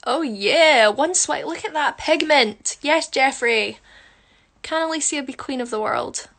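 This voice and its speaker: Chatty high-voiced woman on a phone livestream. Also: a little slow, fairly bright tone. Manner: chatty, teasing, jokes with viewers while doing her makeup. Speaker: livestream host answering viewer comments. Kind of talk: casual chat.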